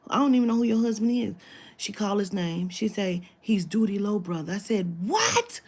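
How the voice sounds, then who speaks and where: A woman's voice: medium pitch, fairly quick, mellow. A woman telling a long story in casual talk, acting out the quoted dialogue, swearing freely and dropping into whispers. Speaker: spiritual reader telling a client story.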